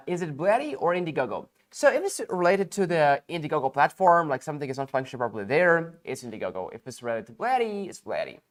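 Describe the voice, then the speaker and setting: A tired man hosting a casual livestream sales pitch, chatty and rambling with lots of fillers and jokes.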